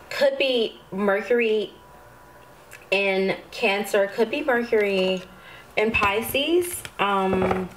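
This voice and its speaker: Slow-talking woman tarot reader. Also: medium pitch, low-quality recording. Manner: slow, breathy spiritual delivery with sudden excited outbursts. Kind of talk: tarot reading to camera.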